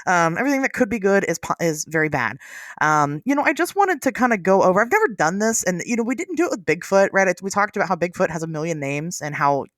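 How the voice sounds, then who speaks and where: A podcast host from the United States talking in lively casual chat, laughing often. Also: medium pitch, fast, dry recording, studio quality.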